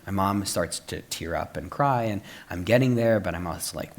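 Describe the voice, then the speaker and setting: A young man telling a personal story at a live book talk, lively with playful asides and frequent "um" fillers, turning soft and earnest at the close. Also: deep voice, moderate pace, few pauses. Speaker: author and speaker. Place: stage at a live public talk.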